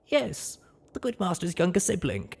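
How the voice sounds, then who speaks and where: Male reader doing a high, altered-voice ghoul maid; timid, prim, apologetic in the audiobook. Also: wildly swooping pitch, normal speed, gravelly, a little mellow, breathy edge, full character voice. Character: timid, proper ghoul pegasus maid, female. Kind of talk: audiobook reading.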